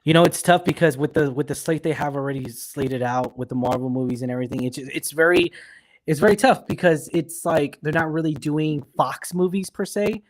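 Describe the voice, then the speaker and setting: A man's voice: a little high, brisk. A man co-hosting a live podcast, talking through his thoughts in a rambling way with many restarts. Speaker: podcast co-host. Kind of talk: live podcast chat about films.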